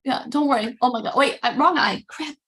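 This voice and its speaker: A woman hosting a casual live makeup tutorial, chatty and animated, often interrupting herself. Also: high-pitched, a little fast. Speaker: makeup demo host.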